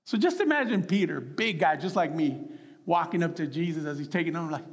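A man preaching to a gathering of men, his voice sitting fairly high. He throws himself into acting out the quotes in his story. The sound carries a long reverb, as in a big hall. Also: a little fast. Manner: animated, acts out quotes with voice jumps. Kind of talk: sermon.

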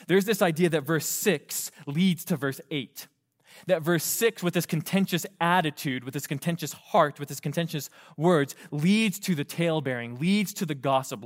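A male pastor preaching a sermon, animated, asking the congregation rhetorical questions and acting out quoted voices. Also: fairly high pitch.

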